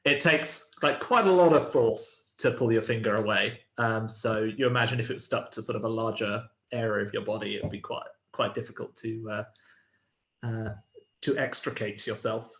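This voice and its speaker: A man running a tabletop game as game master, describing the scene in a measured way. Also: on the low side, a bit bright. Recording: roomy echo.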